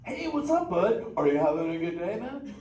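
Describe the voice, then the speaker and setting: Crush, an excited surfer turtle. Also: male voice, sits high, moderate pace, recorded from a distance. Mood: playful. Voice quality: surfer slang, drawling dude talk. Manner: playful, laughing, teasing the audience. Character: laid-back surfer sea turtle dude. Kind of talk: live interactive show character. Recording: echoey theater from afar, noisy.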